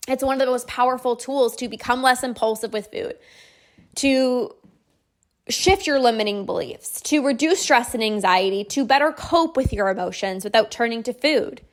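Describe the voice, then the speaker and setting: A woman coach hosting her own podcast, talking up her program with bright enthusiasm and a steady stream of "like" fillers. Her voice sits a little higher than most women's. She sounds persuasive and casual rather than scripted. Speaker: podcast host and binge-eating coach. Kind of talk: promotional podcast monologue.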